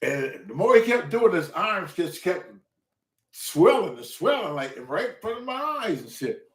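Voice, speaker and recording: Guy telling a wild story, voice jumping all over, swearing a lot, echoey room. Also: a little slow. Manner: animated, profane, acts out quotes with loud pitch jumps. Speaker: show host. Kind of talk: casual storytelling.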